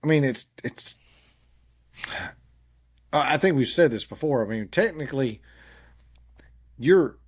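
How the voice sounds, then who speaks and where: A man's voice: mid-range voice, lively intonation, measured pace, long pauses. A middle-aged man, talking casually on a podcast with a rambling, restarting manner. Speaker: podcast co-host. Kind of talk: casual chat.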